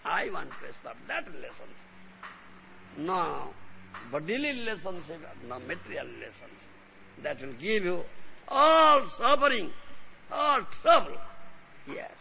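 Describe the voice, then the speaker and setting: Male spiritual teacher, devotional lecture, emphatic, heavy vocal fry, lo-fi tape. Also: a little high, sing-song, normal speed. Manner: emphatic, repeats a questioning "huh?". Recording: lo-fi recording with faint hiss.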